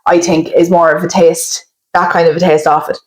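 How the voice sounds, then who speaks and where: A woman's voice: lowish voice, flat delivery, moderate pace. Irish girl cohosting a chat podcast, blunt and jokey, roomy echo and a bit of hiss. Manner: frank, joking, leads the segments. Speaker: podcast co-host. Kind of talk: casual chat. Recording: roomy with faint background noise.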